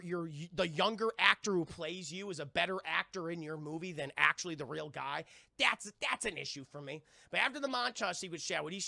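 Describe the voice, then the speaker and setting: A man's voice: sits high, vocal fry, pushed and bright, dry recording, studio quality. A man rambling through a film review on a live stream, swearing often and talking straight to his chat. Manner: rambling, profane, keeps addressing the chat. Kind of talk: casual live-stream commentary.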